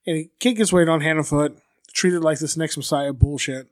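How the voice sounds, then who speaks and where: A man's voice: fairly high pitch, steady tone, moderate pace, no room sound, clean studio sound. A man co-hosting a podcast, telling a true-crime story casually and crudely, with lots of fillers and acted-out quotes. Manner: loose, crude, full of fillers, acts out quoted people.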